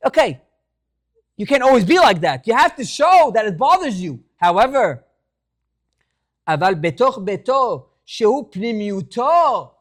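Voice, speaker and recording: High-pitched rabbi giving an animated sermon. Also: male voice. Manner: animated storytelling, mixing in Hebrew phrases. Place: synagogue.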